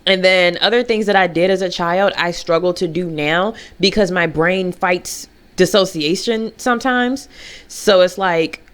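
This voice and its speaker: A young woman vlogging, telling a personal story in a casual, animated way and jumping into high, mocking voices. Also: a little slow, clear, resonant tone.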